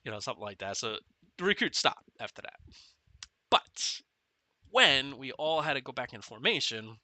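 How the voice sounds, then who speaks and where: Rambling ex-Marine gamer in his forties, very sharp forceful voice, dry close sound, laughs through his war stories. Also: medium pitch, big pitch swings, moderate pace, dry recording. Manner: rambling storytelling, often laughing, filler-heavy. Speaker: gameplay commentator and former Marine. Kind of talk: casual commentary while playing.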